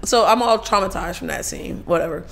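A woman guest on a casual talk show, telling lively stories, swearing freely, laughing often and acting out other people's lines. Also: fairly low pitch, a little fast, vocal fry, noisy background. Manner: laughs often while talking. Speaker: podcast guest. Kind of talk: casual storytelling interview.

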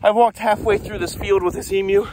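A high-voiced man, winded from running, narrates his own outdoor vlog in bursts of excited chatter. The audio is rough phone-camera sound in an open field, with wind and outdoor noise clearly audible behind him. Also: fairly quick. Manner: excited, breathless, repeating himself while chasing an animal. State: out of breath. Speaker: vlogger.

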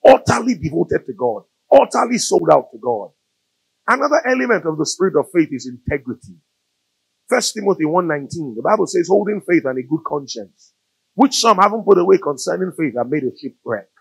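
Lively, gravelly Nigerian male preacher. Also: on the high side, a little fast, no room sound, poor audio. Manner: animated storytelling, rising to loud emphatic peaks. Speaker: pastor. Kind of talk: sermon. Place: church or studio.

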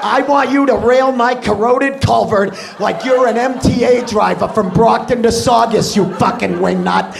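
A man voicing a crude, loud woman with a thick Boston accent, yelling filthy demands in bed. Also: very high-pitched, normal speed, vocal fry, few pauses, background noise, full character voice. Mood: lusty, bellowing. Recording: laughing crowd in a club.

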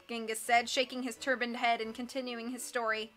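A woman's voice: fairly high pitch, soft background music. A woman reading a children's novel aloud, switching into character voices and sometimes stumbling over words. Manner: lively, animated reading with quick character voices and occasional slips. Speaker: audiobook reader.

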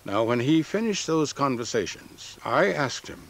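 A man recalling events in an interview, telling the story slowly and vividly. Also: mid-range voice, big pitch swings, fairly bright tone.

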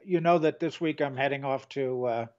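A man's voice: medium pitch, normal speed, darkish tone, smooth, highs cut off. An older man co-hosting a casual chat, rambling and trailing off mid-sentence. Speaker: co-host.

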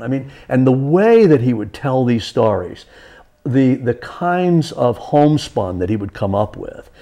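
A man's voice: medium pitch, very animated, unhurried, vocal fry, dark tone. A man, an author as a guest, telling stories in a casual community TV studio interview, chatty and full of restarts.

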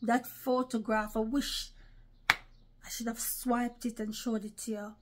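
A woman's voice: on the high side, level tone, slow pace, noisy background. A woman giving religious commentary in an online vlog, speaking emphatically and often addressing her listeners as brothers and sisters. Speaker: online preacher.

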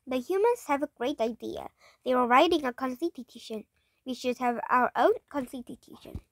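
A woman's voice: high voice, lively intonation, normal speed, no echo. A woman voicing a sensible, big-eared female mouse who urges the other animals to cooperate. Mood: earnest.

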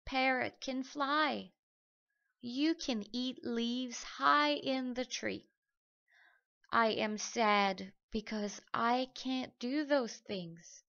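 A woman voicing a small, sad young frog in a children's story, speaking gently and plaintively. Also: a little high, steady tone, drawn-out words, vocal fry, lo-fi sound, exaggerated voice.

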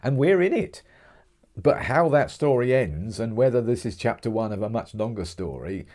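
A middle-aged English man from Kent, an interview guest telling a personal story in animated, conversational style. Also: mid-range voice, normal speed. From England. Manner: animated storyteller, acts out quotes, frequent restarts.

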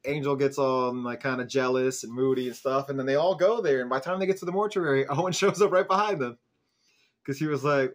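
A man's voice: mid-range voice, brisk. Chatty man recapping a TV episode. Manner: chatty, peppered with "like" and "um", animated retelling. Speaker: show host reviewing an episode.

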